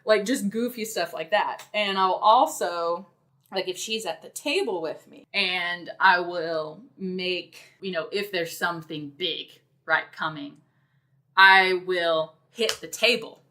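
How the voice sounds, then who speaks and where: Slow-talking woman, lowish voice. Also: pushed and bright. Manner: unhurried, thoughtful, many fillers. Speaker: podcast guest, dungeon master. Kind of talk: casual podcast conversation.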